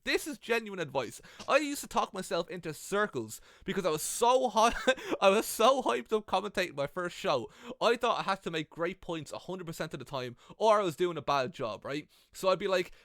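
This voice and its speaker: Lively, sweary Irish guy. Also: sits high, no room sound, clean studio sound. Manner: animated, sweary, self-mocking. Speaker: wrestling commentator and YouTuber. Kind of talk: comedic advice vlog. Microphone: gaming headset.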